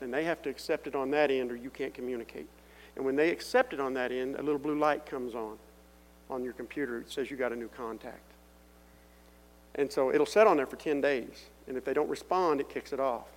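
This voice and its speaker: A middle-aged man giving a personal testimony in sermon style, telling his story earnestly and building up to loud calls to the congregation. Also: medium pitch. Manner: earnest storytelling that swells into loud appeals to the crowd. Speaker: testimony speaker. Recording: echoey hall with faint hum.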